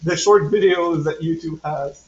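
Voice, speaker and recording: A man's voice: fairly high pitch, unhurried, dull audio. A man with a French Canadian accent, hosting a casual model train livestream from home, rambling with lots of fillers and restarts. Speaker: livestream host.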